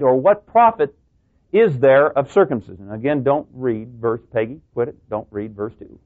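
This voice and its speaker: A man preaching a sermon to a congregation, talking through rhetorical questions and joking asides. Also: fairly high pitch. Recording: tinny phone-like sound.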